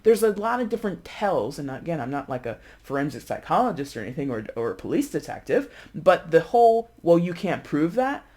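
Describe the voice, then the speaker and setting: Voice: medium pitch, very animated, fairly quick, few pauses, darkish tone. A tarot reader speaking casually to camera, chatty and loose, often acting out the lines of imagined people. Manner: loose, with frequent fillers and self-corrections.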